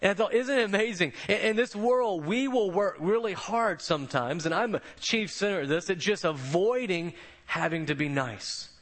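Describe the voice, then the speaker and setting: A man's voice: on the high side, fairly bright tone. A man preaching a sermon, telling stories in a conversational way and often repeating words as he goes. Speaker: pastor.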